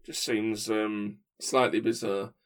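A man co-hosting a casual chat podcast, wry and opinionated, thinking aloud with pauses. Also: fairly low pitch, steady tone. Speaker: podcast co-host.

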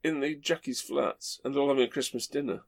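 A man's voice: mid-range voice, quick pace, vocal fry. A man hosting a podcast, telling fond, rambling stories with playful asides. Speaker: podcast host. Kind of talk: casual chat.

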